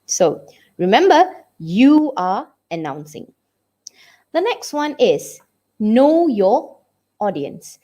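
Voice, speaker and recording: Lively-pitched Malaysian English teacher woman. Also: slow. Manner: checks in often with "okay?" and "did you get it?". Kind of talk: classroom lesson.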